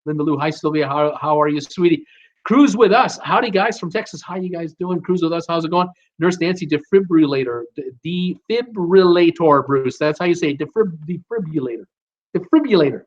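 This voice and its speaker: A man's voice: a little high, fairly quick. A middle-aged man hosting a live stream, casually reading out viewer comments and answering them with many fillers and restarts. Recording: dull lo-fi stream audio.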